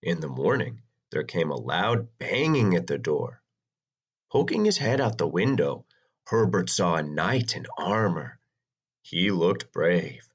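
A man narrating a children's storybook in an expressive, dramatic reading. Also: unhurried, breathy edge, muffled recording. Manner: expressive, sweeping pitch for drama.

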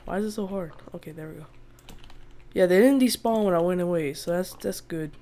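A woman's voice: lowish voice, brisk, mellow. Chatty woman narrating a survival game. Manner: chatty, laughs often, exasperated outbursts at animals. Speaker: gaming video host. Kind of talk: casual let's-play commentary.

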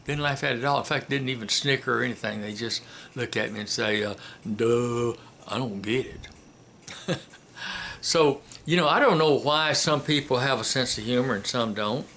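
A man giving a casual spoken commentary and telling a joke in a folksy, unhurried way with many filler pauses. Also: medium pitch, creaky, sharp tone, slight background noise. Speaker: commentator and storyteller.

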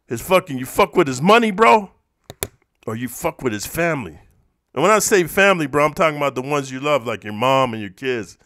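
A man from the eastern United States ranting at his viewers in a profane, confrontational monologue that swings between low muttering and loud outbursts. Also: expressive, brisk, no echo, clean studio sound. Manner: profane, confrontational, says "bro" constantly. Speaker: YouTuber reacting to comments.

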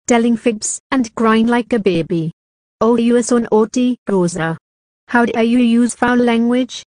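A woman's voice: on the high side, mellow, no room sound, natural voice. Synthetic woman voicing an exasperated mother. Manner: fed-up, scolding. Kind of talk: text-to-speech cartoon dialogue.

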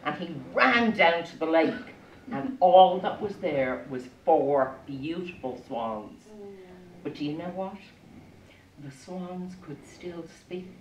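A playful woman storyteller, slow and unhurried, with a low voice that swings widely as she acts out her characters. She sounds a little away from the mic in an echoey room. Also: far from the mic. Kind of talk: live storytelling to children. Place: arts centre room with audience.

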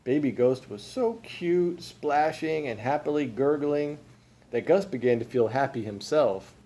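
With a medium-pitched voice, a man takes on a father's role and reads from a children's storybook, lingering over the story with plenty of expression.

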